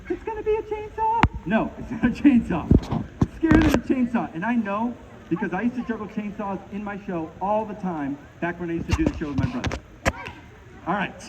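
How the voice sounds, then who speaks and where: A middle-aged man from Maine doing a live comedy juggling show outdoors, bantering and joking with the crowd. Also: high-pitched. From Maine, USA. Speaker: juggling performer. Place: outdoors at a pond. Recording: muffled outdoor recording with loud background noise.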